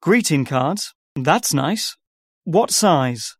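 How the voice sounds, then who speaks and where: A man's voice: on the high side, animated, extremely slow, breathy edge, no echo, studio quality. A man as an organizer in a scripted listening-test dialogue, repeating details back carefully. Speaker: workshop organizer.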